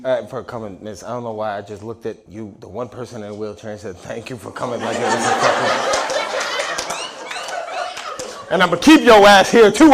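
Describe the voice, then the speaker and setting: A man doing stand-up crowd work on a comedy club stage, brash, swinging from shouts to mumbled asides. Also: lowish voice, very noisy.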